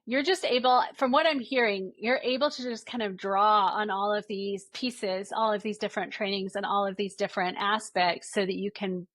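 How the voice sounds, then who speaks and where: A woman born in Ireland hosting a podcast interview, chatty and quick to laugh. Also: medium pitch, fairly even intonation, a bit bright, no room sound. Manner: chatty, laughs often, picks up others' accents. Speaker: podcast host, pediatrician.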